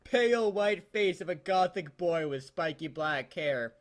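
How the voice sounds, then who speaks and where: A young man reading a fan story aloud for laughs, giggly and animated. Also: sits high, measured pace. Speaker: co-host.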